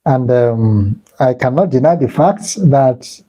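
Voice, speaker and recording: Man, Nigerian Igbo accent, deep mellow tone, live-stream host, repeats points, thanks viewers warmly by name. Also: slow, poor audio. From southeastern Nigeria.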